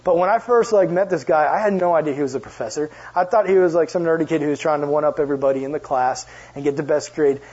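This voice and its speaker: A young male youth pastor preaches to a youth group in a casual, joking storytelling style, often stopping to ask the audience questions and tossing in chatty asides. His voice is fairly high, darkish, and slightly rough, and he talks fast with hardly any pauses. The recording has a dull, lo-fi sound.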